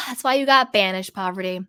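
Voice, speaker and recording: A woman's voice: fairly high pitch, a little slow. A woman host giving sassy, casual commentary on a reality show, often acting out what people say. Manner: sassy, animated, mimics people in quotes.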